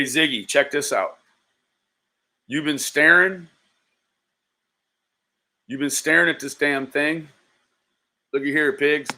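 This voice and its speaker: Man, livestream host, slow drawl, bright forceful tone, profane, taunting. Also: a little high. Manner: profane, taunting, addresses viewers by nickname. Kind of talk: casual livestream commentary.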